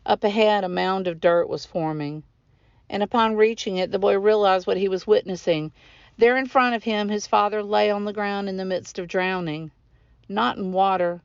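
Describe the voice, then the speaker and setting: A woman author reads her own novel aloud in a steady, measured voice. Her tone is smooth and clear, recorded dry and close. The recording sounds a little dull, with a lo-fi edge. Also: medium pitch, no echo.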